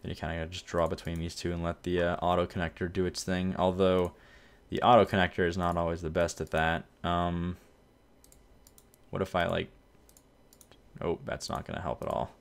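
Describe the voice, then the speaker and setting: Deep-voiced man rambling over a city build. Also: moderate pace, vocal fry, clean tone. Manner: relaxed, rambling, self-correcting. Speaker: gameplay video host. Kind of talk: casual let's-play commentary.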